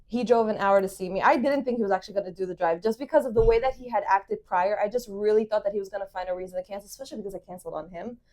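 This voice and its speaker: A young woman co-hosting a casual chat show, telling a dating story in an animated way and acting out what people said. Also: mid-range voice, rapid-fire, few pauses. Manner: animated, quotes people in lively voices. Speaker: podcast co-host.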